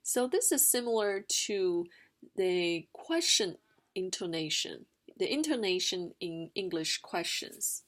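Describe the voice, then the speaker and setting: A woman teaching a casual explanatory lesson, unhurried, with fillers and sung-out demonstrations of tones. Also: on the low side, lively intonation, a bit bright. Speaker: language teacher. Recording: screen-recorded narration.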